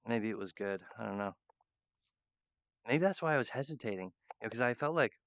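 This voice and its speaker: A man's voice: lowish voice, animated, fast, fairly bright tone, clear, resonant tone, no room sound, dull audio. A man talking in a rambling monologue, hesitant and full of fillers and restarts. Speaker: channel host.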